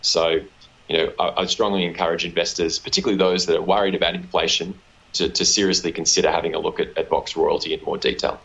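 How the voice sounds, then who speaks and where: Australian male exec, very low register, halting delivery, dull lo-fi audio. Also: little pitch movement, vocal fry, a bit bright. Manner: halting, repeats words, many ums. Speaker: company executive guest. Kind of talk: business interview.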